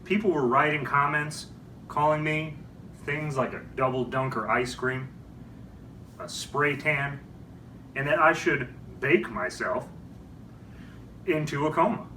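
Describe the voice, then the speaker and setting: Brief: pompous gentleman narrator, played by a man, slightly high, off-mic in an echoey room. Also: measured pace, long pauses, far from the mic, slight background noise. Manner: theatrical, ceremonious.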